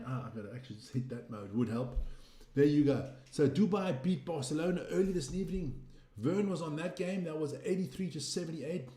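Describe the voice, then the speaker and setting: A man's voice: fairly high pitch, dark tone, roomy sound. A man hosting a sports channel, chatting casually through basketball results while browsing them for viewers.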